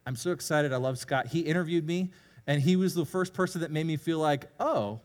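A man's voice: fairly high pitch, fairly even intonation, brisk. A man, a youth pastor, preaching a conversational, self-deprecating sermon in a church. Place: church sanctuary. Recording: long hall reverb.

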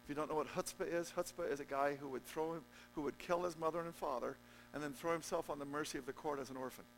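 A man preaching a sermon as pastor, joking with the congregation and swinging between loud emphatic peaks and low, quiet stretches. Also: fast talker, slight background noise, rough recording. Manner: jokey, conversational asides to the congregation.

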